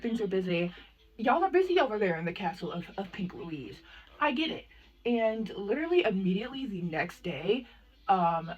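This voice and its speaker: A young adult woman chatting excitedly as a makeup vlogger, full of asides and "like". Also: medium pitch, background noise. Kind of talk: casual unboxing chat.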